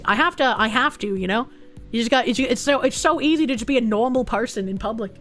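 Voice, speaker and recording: A woman from New England with a Boston-area accent, reading chat on her stream, swearing loudly and breaking into shrieking laughs. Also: fast talker, soft background music. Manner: loud, swearing, bursts into high laughing shrieks.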